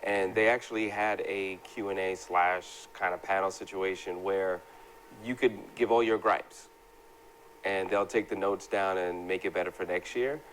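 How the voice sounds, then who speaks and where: Male host, lowish voice, relaxed and upbeat, casual show chat. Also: moderate pace, slight background noise.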